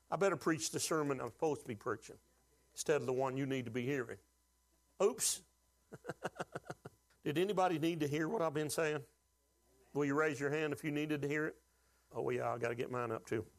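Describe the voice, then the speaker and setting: A man preaching a sermon, with folksy humor and call-and-response questions to the congregation. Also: on the high side. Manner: folksy humor, acts out quoted voices. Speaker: pastor.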